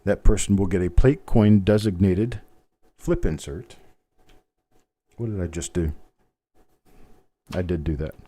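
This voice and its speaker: A man's voice: deep voice, a little slow, long pauses, mellow. A man in his fifties with a general Midwestern accent, hosting a live coin-hobby stream in a chatty, folksy way with rambling asides. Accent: general Midwestern American. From American Midwest. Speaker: coin hobby livestream host. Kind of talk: live unboxing commentary.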